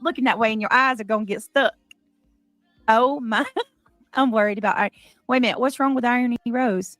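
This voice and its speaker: A woman's voice: on the high side, fairly bright tone, no echo, faint music behind. Chatty woman hosting a livestream. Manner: chatty, reads chat aloud, quick to laugh. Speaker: livestream host. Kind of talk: casual livestream chat.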